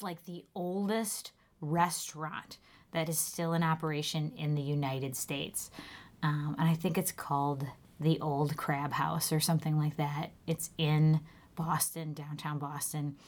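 Chatty woman telling a story. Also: sits low. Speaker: podcast co-host. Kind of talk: casual anecdote.

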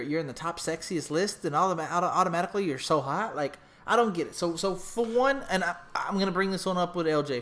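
A man's voice: fairly high pitch, a bit bright, slight background noise. A man hosting a podcast, telling a long profane story in casual chat, acting out voices and sound effects. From half Mexican. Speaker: podcast host.

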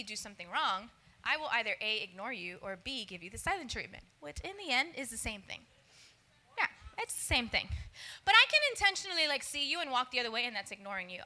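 Speaking in a slightly high voice with a bright, forceful tone, a church speaker delivers a chatty sermon. She addresses listeners directly and acts out little dialogues, laughing along the way.

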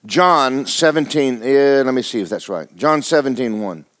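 A man's voice: medium pitch, animated, normal speed, fairly bright tone. A man, preaching a folksy, joking, emphatic sermon as pastor. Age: 70s.

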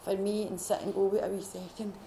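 A Scottish woman speaks to a retreat gathering, telling her own faith story. Her delivery is heartfelt and halting, full of restarts and self-corrections. Her voice sits at an ordinary middle pitch, with a faint hum of noise behind her. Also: little pitch movement, dark tone. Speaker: retreat participant sharing testimony. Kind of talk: personal faith testimony.

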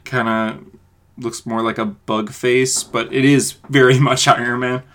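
A man chats about comics in a laid-back podcast voice, chuckling now and then. His pitch sits in the ordinary middle range, and his delivery stays easygoing and unforced. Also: level tone, a little slow, a bit bright. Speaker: podcast co-host. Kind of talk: casual comic book review chat.

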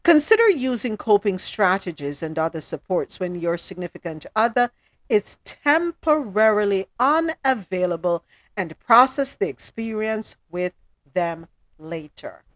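A woman's voice: mid-range voice, very animated, unhurried, no echo. Conversational woman hosting a talk show. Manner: conversational, acts out her own thoughts.

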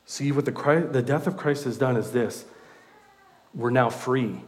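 A male preacher delivers a sermon at a middle pitch. He talks conversationally and with animation, breaking in with self-deprecating asides. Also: a little slow, a little mellow.

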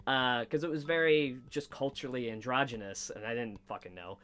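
Recorded in a basement studio, this comedy podcast host chats casually, a little fast, in a clear, resonant, mid-range voice. He rambles, curses a lot, and quotes little exchanges in an animated way.

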